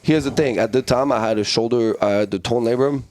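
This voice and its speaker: A man's voice: mid-range voice, brisk, dry recording. Profane French man telling stories. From France. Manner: profane, animated storytelling. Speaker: guest, fighter. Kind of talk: casual storytelling.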